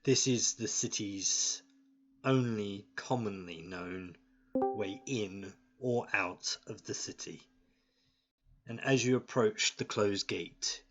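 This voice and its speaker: A man narrating as game master, halting often with fillers and restarts. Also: lowish voice, a bit bright. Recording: dull lo-fi sound.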